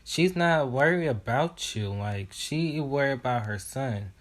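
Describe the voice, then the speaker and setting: A man reacts to a video in casual commentary, talking back at the screen with indignation and frequent fillers. He speaks slowly, with a mid-range pitch. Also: expressive.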